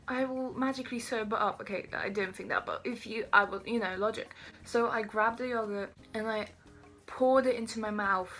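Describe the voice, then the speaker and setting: A woman's voice: medium pitch, fairly bright tone. A teenage girl telling a casual storytime, rambling along with self-deprecating asides. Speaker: vlogger.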